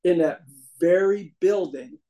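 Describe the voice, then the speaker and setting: A man's voice: high-pitched, slow pace, dark tone, slight background noise, poor audio. Folksy man telling his story. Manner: folksy, humorous, acts out quoted voices. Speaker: speaker sharing his recovery story. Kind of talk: storytelling talk to a meeting audience.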